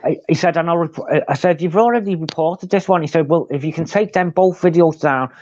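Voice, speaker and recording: A chatty man, pitched a little high for a man. He tells his stories in an animated, running way. The sound is dull and lo-fi but dry. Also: fairly quick, no room sound. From England. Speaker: co-host. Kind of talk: casual live chat.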